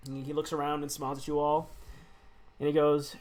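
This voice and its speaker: A man's voice: fairly high pitch, completely flat delivery, fairly quick, darkish tone. A man narrating a tabletop role-play game as game master, casual and chatty, often laughing and restarting his sentences.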